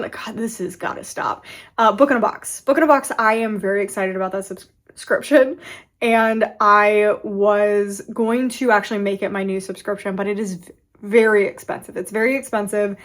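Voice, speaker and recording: A woman in her thirties talks through her reading in a loose, rambling vlog style. She keeps restarting her sentences mid-thought and has hiccups. Her voice sits at an ordinary pitch. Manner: rambling, self-interrupting, with frequent restarts. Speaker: book vlogger. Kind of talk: casual chatty vlog.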